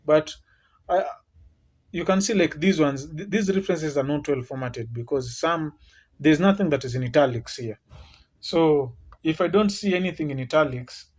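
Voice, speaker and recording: Male writing instructor, slightly high voice, patient step-by-step explainer. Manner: explanatory, repeats and restarts, tag questions. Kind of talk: screen-share tutorial.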